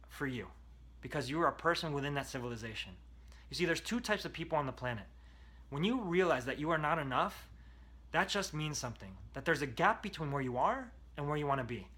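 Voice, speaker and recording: Male self-help coach, emphatic motivational delivery, bright tone. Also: fairly high pitch. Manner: emphatic, coaching, repeats key phrases. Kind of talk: motivational talk to camera.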